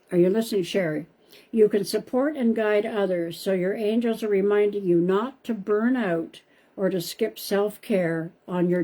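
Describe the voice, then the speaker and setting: A Canadian psychic medium with a warm, lowish voice hosts a live stream, chatting casually with viewers, calling them by name, and often repeating herself.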